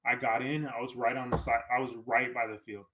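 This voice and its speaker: A man as a podcast guest, telling a story in a casual, animated way, acting out quoted lines and often tagging "right?". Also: mid-range voice, fairly quick.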